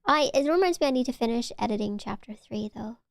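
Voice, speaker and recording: Woman livestreamer, casual chatty ramble with loose swearing; smooth, clean tone, dead-dry sound. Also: a little high, lively intonation, quick pace, no echo. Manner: rambling, playful, swears freely. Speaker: VTuber streamer.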